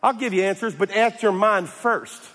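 God, put on by a preacher, challenging, teasing questions, echoey hall. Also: male voice, sits high, moderate pace, a bit bright, voice pushed up. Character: God, male, booming and challenging.

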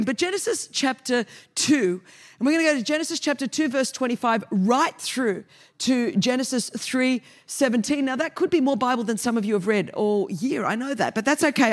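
Fired-up Australian woman preaching. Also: medium pitch. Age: 50s. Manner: fired-up, joking, fast and continuous. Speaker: guest preacher. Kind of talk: energetic sermon.

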